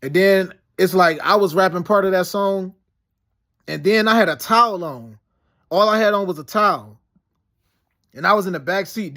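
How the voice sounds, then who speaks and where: Recounting dreams and past events, this vlogger speaks in a notably high, sharp-toned voice in a loose, rambling monologue. Restarts, fillers and street slang such as "yo" and "you know what I'm saying" run throughout his story.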